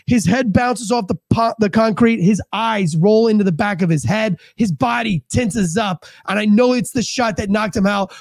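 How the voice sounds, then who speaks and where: A man's voice: sits high, a little mellow, dry recording. A man, a former police officer, telling a vivid first-person story and acting out the dialogue in a matter-of-fact way.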